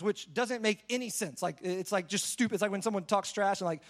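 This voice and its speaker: The voice is high and fairly quick: a young man giving a laid-back sermon. As he recounts a Bible story, "like" comes up again and again.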